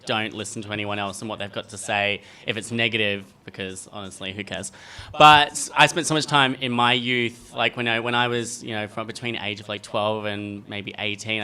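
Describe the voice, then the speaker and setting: A man's voice: on the low side, bright, forceful tone. A man speaking on a fan meetup panel in an event room, rambling with restarts and fillers. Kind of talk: casual panel talk.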